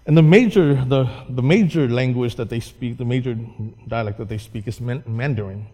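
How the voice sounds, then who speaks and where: A man's voice: mid-range voice, normal speed, dark tone. A man, a Hmong pastor, giving an informal talk to a church, explaining patiently and often repeating or restarting his words. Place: church hall. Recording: long echo of a large hall.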